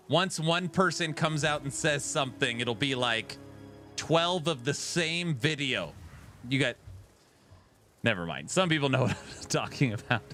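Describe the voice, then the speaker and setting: Man, casual streamer, bright tone, wry reading of comments, faint background music. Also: medium pitch. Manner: reads comments in a wry, amused tone. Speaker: streamer reacting to game patch notes.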